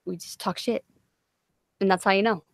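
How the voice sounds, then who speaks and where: A woman's voice: medium pitch, steady tone, normal speed, vocal fry, dry recording, clean studio sound. A woman hosting a casual livestream chat, bantering and swearing freely. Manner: profane, laughing banter. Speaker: livestream host.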